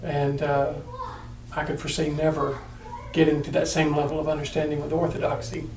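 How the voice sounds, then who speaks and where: A man's voice: on the high side, monotone, a little fast, vocal fry, a little mellow, a little hiss or hum. A man in a class discussion who speaks hesitantly with fillers, heard from across the room. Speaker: class member.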